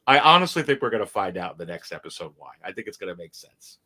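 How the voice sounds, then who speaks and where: A man with a fairly low but bright, forceful voice talks on a livestream. He gets animated, repeats his words and laughs easily. He is heard over a video call. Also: fast talker. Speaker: guest toy collector. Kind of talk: casual chat on a livestream.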